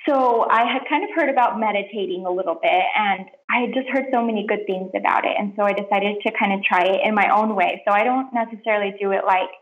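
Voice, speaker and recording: A young woman, a podcast guest, sharing a heartfelt personal testimony in an earnest, soft-spoken way with lots of "like" fillers. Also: mid-range voice, fast, few pauses. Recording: roomy, dull lo-fi podcast audio.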